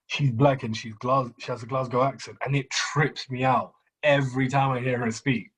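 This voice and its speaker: A young man co-hosting a casual podcast chat, slangy and quick to laugh, often repeating his words. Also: medium pitch, fairly even intonation, crowd noise. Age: young adult. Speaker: podcast co-host.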